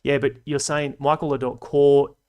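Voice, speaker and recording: A man with an Australian accent hosts a casual livestream, reading viewer comments aloud and answering them in a chatty, analytical way, with dry asides and slang. His voice is medium-pitched with fairly even intonation at a moderate pace.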